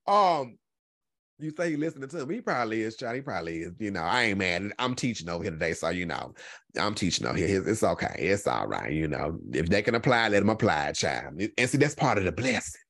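A man hosting a casual livestream delivers a loose, unscripted monologue to his chat. He is sassy and profane. His voice drops into a low, lazy drawl and then jumps to high, emphatic exclamations. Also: animated, fast, fairly bright tone. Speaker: host.

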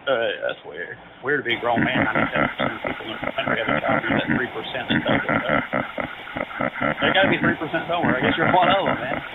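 A man's voice: mid-range voice, big pitch swings, quick pace, a loud crowd. A man on a prank call, mocking and goading a stranger with crude insults. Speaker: prank caller. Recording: noisy phone-line audio.

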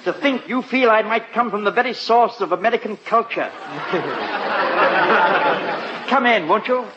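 A prim English butler, high and polite, slipping teasing jabs at his employer with perfect manners, as a man voices him. The sound is muffled like an old radio broadcast, with faint hiss and a bit of audience behind. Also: normal speed, crowd noise, lightly acted. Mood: dryly amused. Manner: formal, polite, sly teasing. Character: fussy, dry-witted English male butler. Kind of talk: 1940s radio comedy acting.

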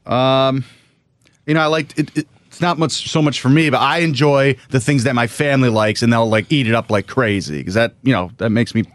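A man on a casual sports podcast, hesitant and soft-spoken when put on the spot. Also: medium pitch, a little fast, dry recording.

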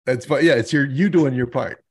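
A man's voice: medium pitch, moderate pace, a little mellow, slightly rough. A man co-hosting a podcast in casual chat, reading out news items and joking about them. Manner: jokey, reads out news items and riffs on them. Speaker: podcast co-host.

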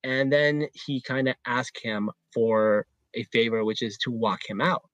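A man co-hosting a podcast, talking in an enthusiastic, slangy way with plenty of fillers. His voice sits at a middle pitch, and the sound is dry and close. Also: fairly even intonation, a little slow, fairly bright tone, no room sound, highs cut off. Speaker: podcast co-host. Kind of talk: casual chat.

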